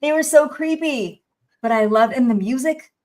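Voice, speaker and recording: A woman's voice: high voice, normal speed, darkish tone, slight background noise. Hesitant woman guest recalling memories. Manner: thoughtful, hesitant, searching for words. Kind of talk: casual chat.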